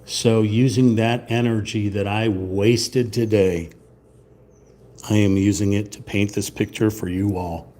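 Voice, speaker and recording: A man chats casually while painting on a live stream, drifting into sarcastic, mock-indignant rants. His voice sits low and mellow, and he takes his time with every phrase. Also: fairly even intonation, measured pace. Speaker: channel host.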